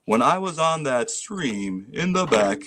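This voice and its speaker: A man speaking in a flat, formal, robotic way, deadpan and trolling. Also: medium pitch, measured pace, noisy background. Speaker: stream guest.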